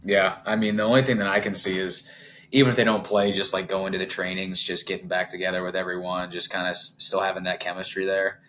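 A man's voice: low voice, fast talker, slight background noise. An American man co-hosting a casual sports podcast, telling stories candidly and peppering them with "like". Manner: candid, animated storytelling with swearing and "like". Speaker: podcast co-host.

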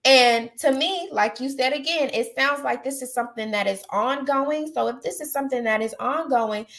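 Podcast host lady, gravelly fry in her voice, kinda high, blunt and emphatic giving advice. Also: moderate pace, fairly bright tone. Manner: outspoken, emphatic, repeats phrases for effect. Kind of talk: casual chat giving advice.

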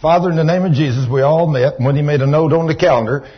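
A man preaching a storytelling sermon in a church, folksy and animated, sometimes rising to shouts of praise. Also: on the high side, quick pace, slightly rough. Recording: dull lo-fi church recording.

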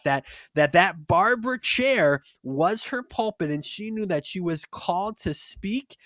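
A man's voice: high voice, a little slow, hardly any pauses, fairly bright tone, dry recording, studio quality. A young man hosting a faith podcast, talking in an earnest, encouraging, preachy way, with frequent restarts. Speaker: podcast host. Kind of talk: casual faith podcast talk.

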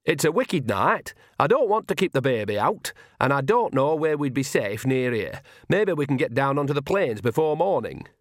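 A man's voice: medium pitch, sing-song, moderate pace, few pauses, dry recording, clean studio sound, pitched above the performer's own voice, close to an everyday voice. A man voicing a cheerful, cunning old witch woman who bosses people about in a folksy way. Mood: bossy cheerful.

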